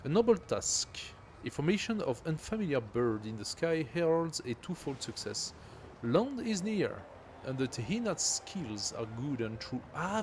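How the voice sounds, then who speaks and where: A man's voice: a little high, darkish tone, a little hiss or hum. A man streaming a strategy game, thinking aloud and reading game text as he plays. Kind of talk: casual live gameplay commentary.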